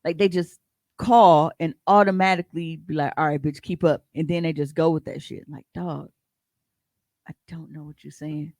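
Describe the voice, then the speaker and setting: A podcast co-host telling stories in a casual, profane and animated way, often breaking into laughs. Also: medium pitch, normal speed, dry recording. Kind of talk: casual storytelling chat.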